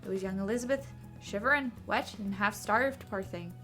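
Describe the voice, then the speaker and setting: A woman's voice: fairly high pitch, normal speed, sharp tone, soft background music. A woman voicing an older male sea captain with a put-on accent, telling a story and stumbling over long words. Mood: reminiscing.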